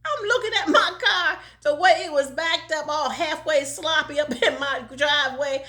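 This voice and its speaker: A woman's voice: high-pitched, moderate pace. An older woman telling a story in casual talk, laughing often as she goes. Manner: animated, laughing often, country dialect.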